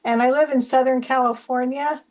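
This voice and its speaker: A woman's voice: high-pitched, fairly even intonation, moderate pace, darkish tone, low-quality recording. Chatty woman from New Jersey. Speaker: workshop participant. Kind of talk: casual video call chat. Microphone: video call.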